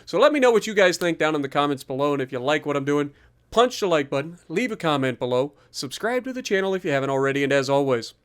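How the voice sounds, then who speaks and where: A man's voice: a little high, sing-song, fast talker, clear, resonant tone. A man talking viewers through his gym workout in a chatty, upbeat voice-over. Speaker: fitness vlogger. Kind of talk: casual workout commentary voice-over.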